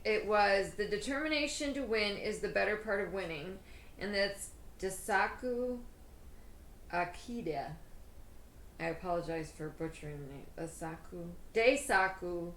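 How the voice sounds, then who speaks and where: A woman's voice: medium pitch, reverberant, slight background noise, rough recording. A woman hosting her own cooking show, chatting casually in a bubbly, self-deprecating way with lots of fillers. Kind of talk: casual cooking vlog chat.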